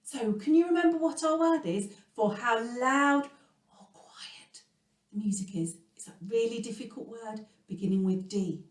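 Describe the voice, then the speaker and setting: An English woman leading a children's music lesson, animated and sing-song, swinging between loud words and whispers. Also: fairly high pitch, normal speed, hardly any pauses. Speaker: music teacher. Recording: echoey room, voice from a distance.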